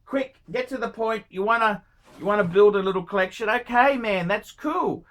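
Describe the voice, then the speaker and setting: A man bluntly answering viewer questions, scolding and swearing, often clearing his throat. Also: sits high, moderate pace, a bit bright. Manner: profane, scolding, ranting; frequent throat clearing and coughs. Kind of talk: blunt advice monologue.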